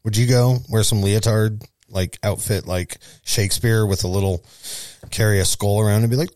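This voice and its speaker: A man's voice: lowish voice, moderate pace, no room sound. Joking St. Louis man on a dry studio mic. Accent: St. Louis, Missouri. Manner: joking, lively, with playful asides. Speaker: show co-host. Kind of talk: casual local news chat.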